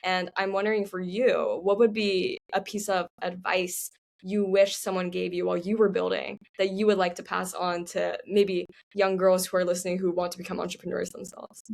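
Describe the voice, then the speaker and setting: A woman hosts a podcast interview, her voice gravelly with vocal fry. She speaks in a flat, even line, affirming her guest before asking her question with gentle fillers. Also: fairly low pitch, normal speed. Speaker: podcast host. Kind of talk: interview conversation.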